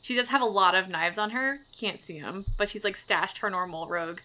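Female player, playful and chatty, bright tone. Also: medium pitch, a little fast, a little hiss or hum. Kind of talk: casual tabletop play.

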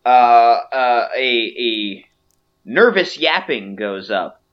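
A man acts as game master for a tabletop game, narrating at a slow, unhurried pace. He pauses often and laughs between lines. The recording sounds dull and lo-fi. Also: mid-range voice, expressive.

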